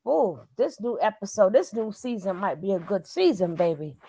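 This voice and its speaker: An older woman hosting her own channel, chatting casually with loud, animated bursts. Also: medium pitch, moderate pace, breathy edge. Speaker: channel host. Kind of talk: casual commentary chat.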